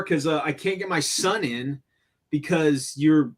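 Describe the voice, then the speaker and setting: A man on a casual live stream tells a story with plenty of swearing. His voice sits somewhat high, and he throws himself into the angry lines he quotes. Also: a little slow. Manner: profane, animated, acts out angry quotes. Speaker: stream host.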